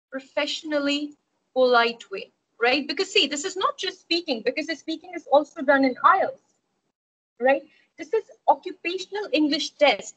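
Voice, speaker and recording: A woman's voice: sits high, fairly bright tone, muffled recording. A woman tutoring an online speaking-exam class, explaining at length and often checking understanding with "right?". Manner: explanatory, repeats key points, frequent "right?" checks. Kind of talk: live online lesson.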